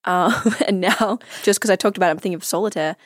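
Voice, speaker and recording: A woman's voice: medium pitch, quick pace, no echo, clean studio sound. An Australian woman guesting on a podcast in casual chat, teasing and playful, laughing a lot.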